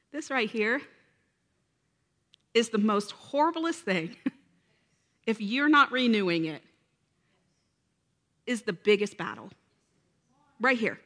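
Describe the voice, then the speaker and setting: Woman preacher, bright ringing voice pitched a little high, earnest and emotional, asks the congregation for answers. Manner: earnest, emotional, addresses congregation with call-and-response. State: close to tears. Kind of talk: sermon.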